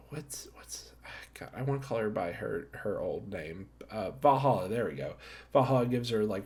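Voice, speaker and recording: A man's voice: on the low side, a little mellow. Chatty man rambling through a recap. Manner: rambling, self-correcting, jokey asides; gives star ratings. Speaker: wrestling show reviewer. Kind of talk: casual recap commentary.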